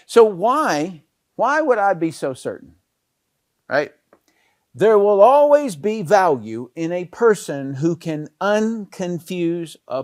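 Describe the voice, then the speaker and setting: A man's voice: sits high, dry recording, clean studio sound. A middle-aged man giving a casual network marketing talk, storytelling with many fillers and restarts.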